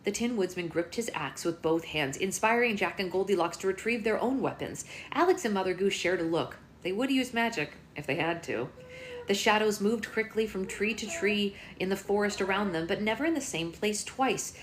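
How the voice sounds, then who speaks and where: A woman's voice: mid-range voice, animated, normal speed, slight background noise. A woman on a phone mic reading a children's novel aloud live, casually breaking off to play with a baby.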